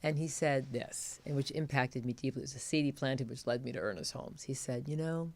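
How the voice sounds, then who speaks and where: A woman in midlife talks through an interview in a gravelly voice that rasps at the bottom of her range. She tells stories with energy and slips into the voices of the people she quotes. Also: rumbling low, a little fast. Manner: animated storyteller, acts out quotes. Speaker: interview guest. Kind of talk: casual interview chat.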